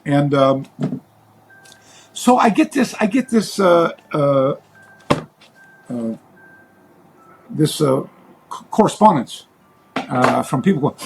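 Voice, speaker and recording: A man speaking as an interview guest in a casual chat, rambling and halting, with many fillers and restarts. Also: on the high side, animated, vocal fry, noisy background.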